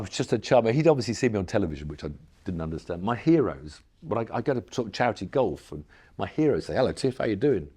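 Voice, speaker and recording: An older man, a racing driver, telling stories in an animated, emotional way with many restarts during a live on-stage interview. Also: fairly low pitch. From England. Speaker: guest, racing driver and former TV presenter. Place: museum lecture theatre, live audience.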